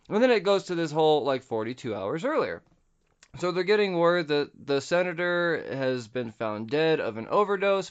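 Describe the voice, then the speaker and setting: A man's voice: medium pitch, clean tone. A young man hosting a podcast, casually recapping a comic book, swearing freely and laughing at his own stumbles. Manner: loose, profane, laughs at himself. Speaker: podcast host. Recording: slightly dull lo-fi podcast audio.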